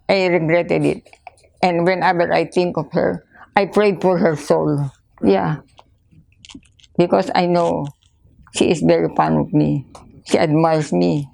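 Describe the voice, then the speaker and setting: An older woman with a Filipino accent, recounting memories in a halting way, repeating words and slipping into Tagalog. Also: low voice, creaky, a little mellow. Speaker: interviewee. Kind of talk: casual storytelling interview.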